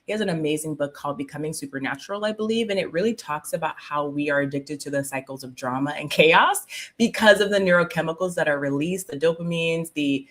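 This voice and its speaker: A woman's voice: low voice, quick pace. A woman spiritual coach chatting casually on a live stream, laughing often, full of "like" and "um", and greeting viewers by name. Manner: filler-heavy with "like" and "um". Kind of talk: casual livestream chat.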